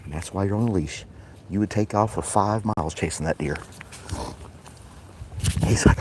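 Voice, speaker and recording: A man filming a casual hiking vlog on a wooded trail, often talking low or whispering as he coaxes his dog along. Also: animated, normal speed, long pauses, heavy background noise. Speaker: vlogger walking his dog.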